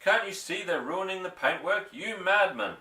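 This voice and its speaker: A man's voice: expressive, normal speed, echoey room, distant mic. A man voicing a pompous, furious rich landowner who shrieks insults in an audiobook. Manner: shrill, blustering, shouting insults. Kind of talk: audiobook character voice.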